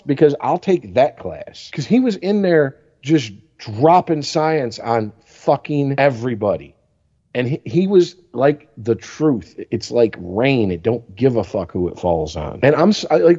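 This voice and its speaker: A man's voice: a little high, mellow, slightly rough. A man in his forties, co-hosting a podcast, telling rambling stories full of swearing. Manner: profane, rambling storytelling. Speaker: podcast co-host. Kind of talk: casual chat. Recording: dull lo-fi recording.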